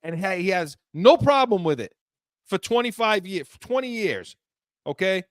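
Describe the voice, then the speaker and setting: Sports radio co-host, higher voice, fired-up, stammers, dry sound. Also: male voice, lively intonation, normal speed, no echo. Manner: fired-up, stammering restarts, acts out quotes. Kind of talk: heated sports radio talk.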